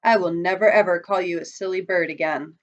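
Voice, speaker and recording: A woman's voice: lowish voice, steady tone, a little fast, lightly acted. A woman voicing a grumpy male townsman in a storybook reading, scolding then grateful. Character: grumpy townsman who calls the goose silly. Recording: dull lo-fi recording.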